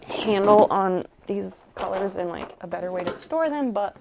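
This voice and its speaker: A young adult woman streaming while she crafts, chatting casually and rambling softly as she thinks aloud. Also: medium pitch, lively intonation, normal speed, creaky, background noise.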